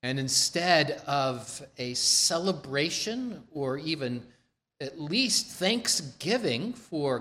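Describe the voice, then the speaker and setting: Slow, measured male preacher. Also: medium pitch, sharp tone. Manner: slow, measured storytelling with quoted dialogue. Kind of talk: sermon retelling scripture.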